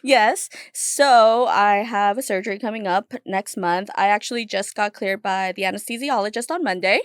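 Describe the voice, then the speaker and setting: A young adult woman talks as a podcast guest in a loose, rambling way, full of fillers and laughs. Her pitch sits in the middle. The recording is close and dry. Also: moderate pace, clear, resonant tone, no echo. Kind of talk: casual chat.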